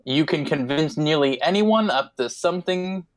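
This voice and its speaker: A man's voice: on the high side, lively intonation, moderate pace. A man talking casually as a player in a tabletop game, offhand and laid-back.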